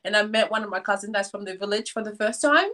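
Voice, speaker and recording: A woman's voice: mid-range voice, fast talker, bright, forceful tone, poor audio. A young woman from Cameroon, a guest on a casual online interview, who laughs often while telling stories.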